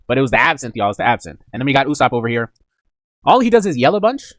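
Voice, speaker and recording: A man's voice: mid-range voice, very animated, rapid-fire, fairly bright tone, no room sound. A man casually reacting to a manga chapter, slangy and joking, jumping in and out of character voices.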